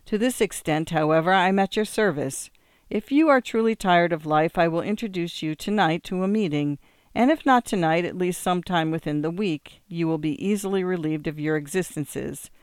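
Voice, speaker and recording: A man reads out a bitter young man in despair, his lines rising with feverish intensity. The voice is smooth and resonant. The sound is dry and close. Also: high voice, normal speed, no room sound, close to an everyday voice. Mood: persuasive. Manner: intense, rising theatrical delivery.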